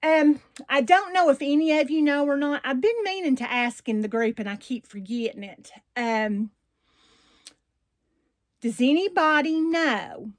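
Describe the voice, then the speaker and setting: A woman with a deep Southern country accent, chatting casually and at length to her viewers as a doll channel host. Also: animated, measured pace, dry recording. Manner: chatty and rambling, warm Southern slang.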